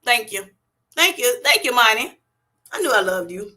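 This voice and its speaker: A middle-aged woman hosts a casual livestream from home, chatting with viewers and laughing often. Her voice sits a bit high and sounds bright and forceful. She keeps up a lively banter as she reads out comments. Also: moderate pace. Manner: animated, laughing often, reading chat comments aloud. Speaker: livestream host. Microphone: webcam or streaming setup.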